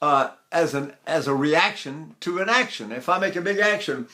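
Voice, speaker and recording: An older man leads a singing lesson, his speaking voice pitched high and ringing bright. He talks in short, deliberate phrases and drops into sung syllable drills to demonstrate. Now and then he drifts a little away from the microphone. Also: lively intonation. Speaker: voice teacher.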